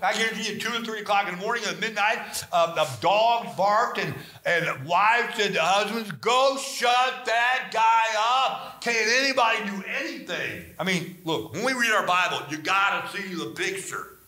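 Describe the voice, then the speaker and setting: A man leads a Bible study, wandering through anecdotes and acting out scripture scenes with animation. His voice is bright and forceful and sits a little higher than most men's. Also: normal speed, few pauses, roomy sound. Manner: animated, rambling storytelling with dramatized scripture.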